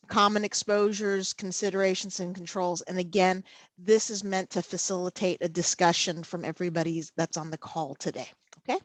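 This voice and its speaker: A woman presenting a live safety training webinar over a video call, slow and halting, often pausing to check in with "okay". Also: medium pitch, no room sound. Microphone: computer mic over video call.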